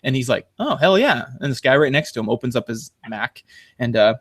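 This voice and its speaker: A man's voice: mid-range voice, fast talker, no room sound. A man hosting a casual podcast, rambling through fillers and restarts and laughing as he tells stories. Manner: animated storyteller, laughs while talking. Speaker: podcast host. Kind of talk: casual chat.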